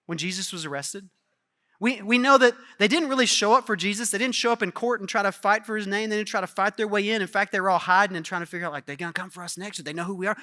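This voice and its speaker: A man preaching a sermon as pastor, casual and animated, acting out the quotes in his stories. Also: high-pitched.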